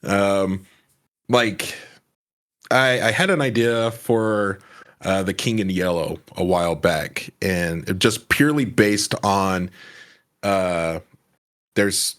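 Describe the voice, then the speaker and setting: A man with a very low voice, chatting on a podcast as the guest. He tells his story with lively energy and acts out bits of dialogue as he goes. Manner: animated storytelling, acts out lines. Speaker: podcast guest, comedy sketch creator. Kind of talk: casual podcast chat.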